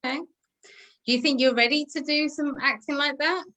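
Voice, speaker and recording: A woman's voice: high-pitched, steady tone, moderate pace, bright, forceful tone. A woman with a British accent interviewing a musician in a chatty, friendly way. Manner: chatty, laughs often. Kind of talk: casual interview.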